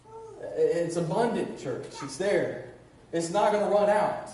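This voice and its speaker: A high-voiced, mellow-toned middle-aged man preaches a sermon, calling out to the congregation again and again and restarting his phrases. He is picked up from far off in a very echoey church with faint noise. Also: huge pitch swings, measured pace. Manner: preaching with repeated "church" call-outs and restarts. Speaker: pastor. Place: church sanctuary.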